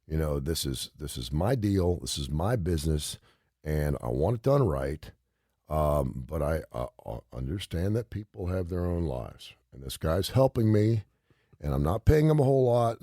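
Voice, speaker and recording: A man's voice: extremely low pitch, warm tone, no echo, studio quality. A middle-aged man hosting a radio talk show, telling a story in an emphatic, rambling, repetitive way.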